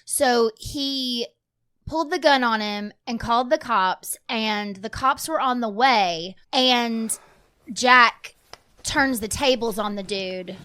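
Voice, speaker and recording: A woman with a fairly high voice co-hosts a film podcast. She talks casually and conversationally. She chimes in to fill in the plot details. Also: slow, pushed and bright, smooth.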